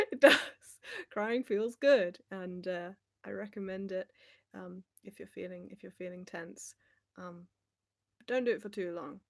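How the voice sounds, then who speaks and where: A young woman chatting casually on a livestream, rambling and laughing often as she talks. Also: mid-range voice. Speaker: livestream host.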